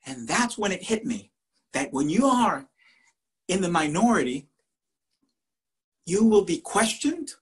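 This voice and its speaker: A Spanish-speaking man from Puerto Rico with a Puerto Rican accent, a teacher telling animated personal stories and slipping into voices. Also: high-pitched, a little slow, long pauses. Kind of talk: storytelling talk.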